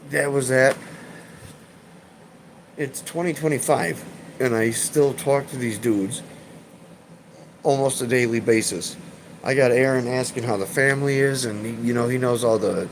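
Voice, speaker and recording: A man in his thirties chatting on a live stream, rambling and swearing, halting with fillers and repeats, emotional and choked up. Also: mid-range voice, a little hiss or hum, low-quality recording. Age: 30s. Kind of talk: casual live-stream chat.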